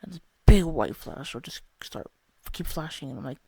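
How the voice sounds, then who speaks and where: A man's voice: on the high side, expressive, moderate pace, creaky, dark tone, breathy edge, no echo. A young man telling a candid, rambling personal story about a spiritual experience, swearing often. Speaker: vlogger.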